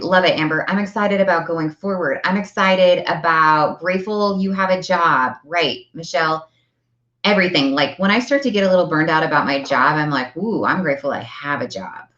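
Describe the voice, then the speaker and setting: A woman's voice: on the low side, a bit bright. A middle-aged woman giving a chatty, earnest motivational talk to her viewers, repeating phrases for emphasis. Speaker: self-help coach. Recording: echoey room, slightly dull sound.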